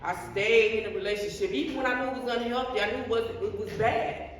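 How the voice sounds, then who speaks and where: A woman's voice: a little high, fairly even intonation, fast talker. Middle-aged woman, echoey distant testimony. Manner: earnest, repetitive storytelling with frequent restarts. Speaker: guest sharing life story. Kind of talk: personal testimony. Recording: echoey hall, distant mic, faint noise.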